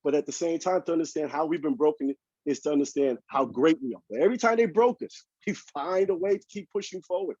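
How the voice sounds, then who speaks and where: A man's voice: on the high side, lively intonation, fast, darkish tone, slightly rough, dry recording, muffled recording. A man speaking as a panelist in a fervent panel talk, asking rhetorical questions, heard over a video call.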